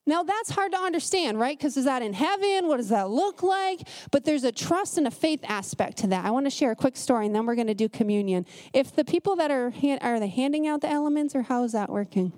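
Woman preacher with a high voice, casual sermon, lively storytelling delivery. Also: brisk, few pauses. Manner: animated storytelling, shifting pace. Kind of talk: conversational sermon.

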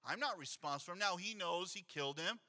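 Bright, high-voiced pastor preaching conversationally. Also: male voice, lively intonation, fast. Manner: conversational preaching, reads scripture aloud, rhetorical asides. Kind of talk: sermon.

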